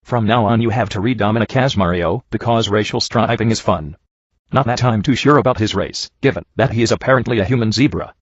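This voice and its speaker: A man reading a badly written story aloud in a dry, sarcastic, deadpan way, mocking it as he goes. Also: on the low side, a little fast, breathy edge, no room sound. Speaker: reviewer reading bad fanfiction. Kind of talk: dry comedic reading and commentary. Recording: dull lo-fi home recording.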